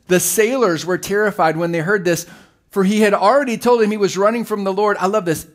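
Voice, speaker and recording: A middle-aged man preaching a sermon as pastor, telling the story with animated, acted-out voices. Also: high-pitched, brisk.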